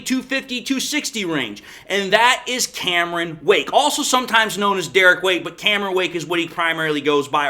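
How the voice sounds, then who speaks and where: A man's voice: sits high, bright, forceful tone. A man hosting a solo sports podcast, talking emphatically and building up his points as he goes.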